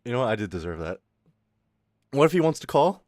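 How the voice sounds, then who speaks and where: A young man streams and talks straight back to his chat. His pitch leaps up and down all over the place, and he swears and laughs loudly. The voice is close and dry, with no room sound. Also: brisk, no echo. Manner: loud, swearing, laughing, animated ranting. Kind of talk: casual stream chat reading chat.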